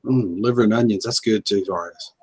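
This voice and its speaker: A man's voice: fairly low pitch, fairly quick, a little mellow, husky. A man joining a livestream, chatting in an easygoing, folksy way. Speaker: livestream participant. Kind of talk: casual chat.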